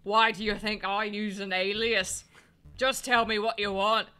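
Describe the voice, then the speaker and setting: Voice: medium pitch, level tone, a little slow, bright, forceful tone. A player voicing a shady, impatient male crocodile dealer while reading a game aloud. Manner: gruff, impatient, wheeling-dealing. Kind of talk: reading a game aloud, doing character voices.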